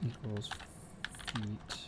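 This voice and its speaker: On a casual live stream from his home computer room, a man mutters code aloud to himself as he works and chats with viewers. He speaks very slowly, and heavy background noise fills the recording.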